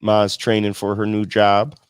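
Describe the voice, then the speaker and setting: A man co-hosting a laid-back stream, reading viewer messages with plenty of swearing and restarts. His voice is smooth and resonant, with a dry, close sound and no room around it. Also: on the low side, completely flat delivery, a little slow, no echo. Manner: loose and profane, laughs often, stumbles while reading. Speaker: co-host. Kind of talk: casual chat, reading viewer comments aloud.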